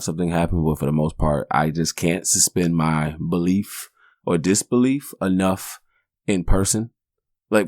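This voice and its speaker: Low and a little mellow, a forties-aged podcast host's voice carries a casual, rambling storytelling monologue full of profanity and jokes. The audio is clean studio sound without echo.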